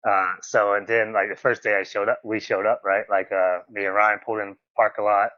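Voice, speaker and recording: A man, a podcast guest telling stories in a casual interview. He is animated, acts out quoted lines in a raised voice and laughs often. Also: lowish voice, fairly quick, dry recording. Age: 40s. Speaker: podcast guest, former wrestler. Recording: dull, slightly muffled audio.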